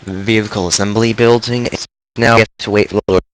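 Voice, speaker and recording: Here a congested game streamer talks fairly quickly in a lowish, fairly even voice, musing aloud and joking at his own expense through casual let's-play commentary. The recording is rough.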